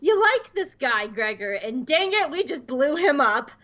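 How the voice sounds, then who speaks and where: A woman putting on a squeaky goofy male troll. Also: sing-song, measured pace, fairly bright tone, lo-fi sound, exaggerated voice. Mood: playful. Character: goofy high-voiced male troll, playful.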